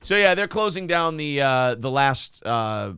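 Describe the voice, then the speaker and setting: A man hosting a casual talk show, ranting in a profane, animated way. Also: medium pitch, a little slow, clear, resonant tone, dry recording, studio quality. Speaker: podcast host.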